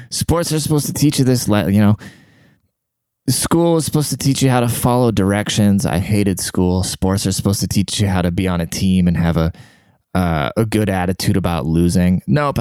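A man in his thirties talking quietly in a rambling, profane casual monologue, keeping his voice down to a near whisper. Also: sits low, smooth, no room sound. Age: 30s. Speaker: vlogger.

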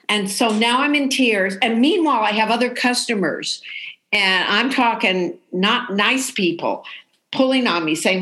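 A woman's voice: medium pitch, normal speed, a bit bright. An older woman telling a story in casual talk, acting out the voices of the people she quotes.

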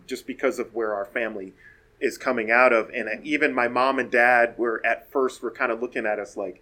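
A man casually telling stories about family and traditions, in a relaxed way with frequent fillers. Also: mid-range voice, fairly quick. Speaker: guest speaker. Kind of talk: casual storytelling.

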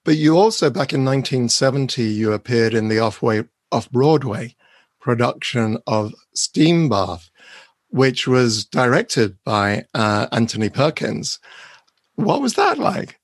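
A hoarse British man asks questions in a hesitant, restarting way. His voice is husky and breathy, recorded close and dry with no room sound. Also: medium pitch, very animated, unhurried, dry recording. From Britain. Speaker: interviewer. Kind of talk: casual interview questions.

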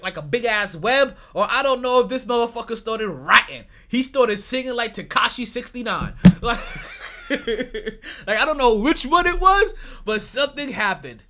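A man hosting a sports podcast in casual chat, animated, swearing freely and laughing often. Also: very high voice. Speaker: podcast host.

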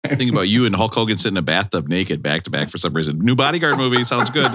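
Middle-aged male host, animated pitch, bright tone, rambling self-mocking banter. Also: rapid-fire. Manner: rambling, self-mocking, jumps into silly voices. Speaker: podcast host. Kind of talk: casual comedy chat.

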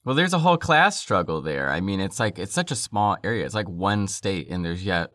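A man co-hosting a casual podcast, telling stories in an animated way and laughing easily. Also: low-pitched, no echo, clean studio sound. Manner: animated storytelling, quick laughs. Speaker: podcast co-host. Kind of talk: casual chat.

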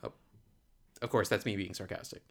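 A man's voice: on the low side, fairly quick, gravelly, a bit bright. A man hosting a casual podcast, rambling and sarcastic as he walks through a bad movie, a bit tipsy. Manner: rambling, sarcastic, laughs often. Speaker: podcast host reviewing a movie. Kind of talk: casual chat.

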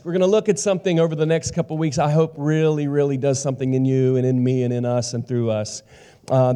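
Animated preacher with a mellow, warm voice. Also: male voice. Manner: animated, acts out quotes with big pitch jumps. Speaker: pastor. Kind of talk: sermon.

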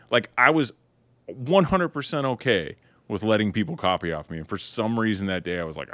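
A man's voice: on the low side, lively intonation, a little fast, fairly bright tone, no room sound. A man hosting a podcast in casual chat, laid-back, swearing freely and laughing often. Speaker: podcast host.

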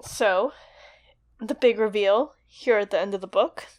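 A woman's voice: medium pitch, a little slow. A woman co-hosting a casual book discussion, raising questions with light, apologetic asides. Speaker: podcast co-host.

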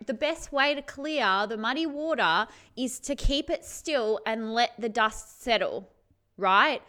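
A woman's voice: sits high, pushed and bright. A woman vlogger giving self-help advice in casual talk, swearing freely, laughing often and acting out her feelings, with lots of "right?". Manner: keeps checking in with "right?". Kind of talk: casual direct-to-camera chat.

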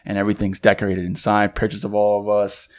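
A young man co-hosting a podcast, telling a story in a loose, animated way and acting out the voices of the people in it. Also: on the low side, fast. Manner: loose and conversational, many fillers. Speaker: podcast co-host. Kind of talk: casual storytelling chat.

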